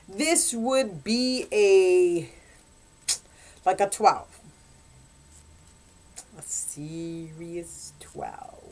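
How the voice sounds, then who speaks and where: A woman and romance author chatting casually in a book review, animated and quick to laugh. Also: mid-range voice.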